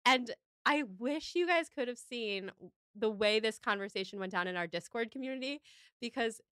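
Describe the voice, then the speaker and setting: A woman's voice: on the high side, lively intonation, normal speed, pushed and bright, clear, resonant tone, no room sound, clean studio sound. A woman co-hosting a podcast, casually recapping a film in enthusiastic, rambling detail. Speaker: podcast co-host.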